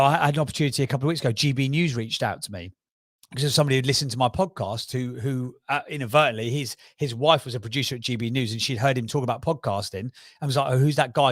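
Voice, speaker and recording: A man with a Cockney accent talks as a podcast guest. He is emphatic and quick, stacking numbers and examples, in a mid-range voice. The sound is dry and close. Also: mid-range voice, no room sound. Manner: fast, emphatic, piles up figures and examples. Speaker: podcast guest, brand strategist. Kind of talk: energetic interview talk.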